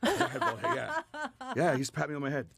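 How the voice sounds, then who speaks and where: A man's voice: on the high side, huge pitch swings, moderate pace, vocal fry, a crowd in the background. A man in his fifties, a chef guest in a radio studio, chatting casually with many fillers and restarts. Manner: rambling, lots of fillers and restarts.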